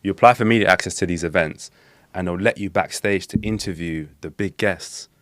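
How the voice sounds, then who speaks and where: A young man telling street-interview stories in slangy, animated casual chat as a podcast guest. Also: sits low, a little fast, no room sound, clean studio sound.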